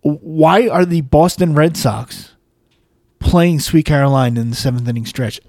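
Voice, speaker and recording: A man's voice: on the high side, a little slow, darkish tone, dry recording, studio quality. A man co-hosting a casual podcast, ranting in exasperation and swearing. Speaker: podcast co-host. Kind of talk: casual chat.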